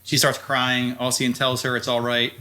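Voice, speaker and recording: Bright-voiced man recapping a story. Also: mid-range voice, completely flat delivery, normal speed. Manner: loose, profane storytelling with frequent laughs. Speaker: podcast co-host. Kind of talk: casual recap chat.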